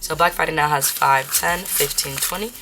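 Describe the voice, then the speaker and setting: Low-voiced chatty woman counting cash. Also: normal speed, very noisy. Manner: chatty, counts bills aloud, slips into Spanish phrases. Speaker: budgeting vlogger. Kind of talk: casual chat while counting cash.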